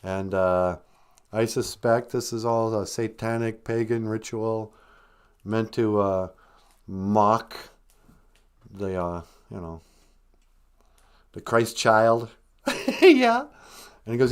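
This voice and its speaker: Animated man telling a rambling comic tale. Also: lowish voice, takes it slowly, long pauses, clean tone. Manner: rambling deadpan tall tale with hesitations. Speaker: podcast host. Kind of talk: comedic storytelling on a livestream.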